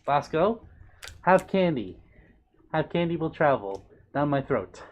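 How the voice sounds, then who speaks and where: A playful man talks casually on a live stream and reads chat messages aloud. His voice is doting and bubbly, with sudden high swoops on greetings and names. It is relaxed, easygoing streamer chatter, close to a desk microphone. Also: measured pace, lo-fi sound. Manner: playful, doting, bubbly, with big pitch swings. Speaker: livestreamer reading chat.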